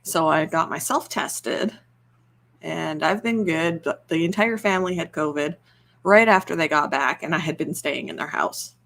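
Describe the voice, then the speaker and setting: A young woman chatting casually and rambling a little, soft-spoken and quick to laugh. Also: low-pitched, gravelly. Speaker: ASMR channel host. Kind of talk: casual chat on a livestream.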